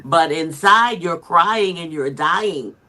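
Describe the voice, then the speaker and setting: A woman moderating a podcast panel, her voice bright and forward. She talks straight to her guest, nodding along and reflecting back what she heard in an easy, conversational way. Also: on the low side, takes it slowly. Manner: affirming, reflective, addresses guest directly.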